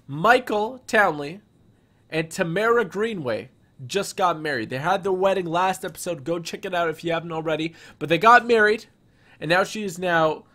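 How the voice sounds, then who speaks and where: Excitable man hosting gameplay stream. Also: high voice, normal speed. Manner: energetic, excitable, repeats himself. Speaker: gaming channel host. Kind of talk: live-streamed gameplay commentary.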